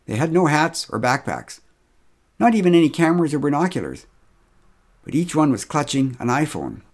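A man's voice: on the high side, big pitch swings, moderate pace. Wry middle-aged man telling a funny story. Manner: wry, dry humor. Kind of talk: humorous first-person storytelling.

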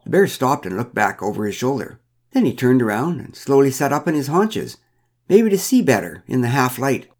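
A man reading a first-person story aloud with a wry, dryly humorous manner. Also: mid-range voice. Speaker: narrator.

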